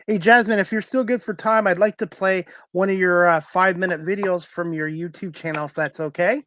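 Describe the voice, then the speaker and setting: A man's voice: high voice, fairly even intonation, brisk, sharp tone, dry recording. A man hosting a talk show interview, speaking earnestly and informally. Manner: earnest, with fillers and restarts. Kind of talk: casual interview.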